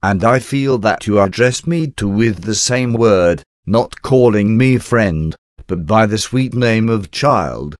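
Low-voiced man reading a reverent prayer. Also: lively intonation, no echo, clean studio sound. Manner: measured, reverent reading in short phrases. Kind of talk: reading a devotional prayer aloud.

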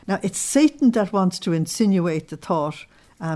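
A woman religious teacher giving a spoken sermon in an earnest, unhurried way, weaving in personal stories. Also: lowish voice, expressive, dark tone.

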